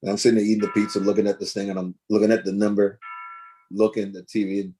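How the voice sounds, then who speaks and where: A man telling a lively story in a video call interview, acting out the voices of the people in it. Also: lowish voice, racing, faint music behind. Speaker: guest drummer. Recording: choppy internet connection.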